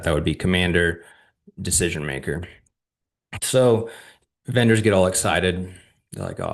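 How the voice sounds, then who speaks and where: A man's voice: deep voice, gravelly. A man hosting his channel, explaining government contracting in a casual, conversational way and often checking in with "all right?". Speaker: channel host and defense contracting advisor. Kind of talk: casual instructional talk to viewers.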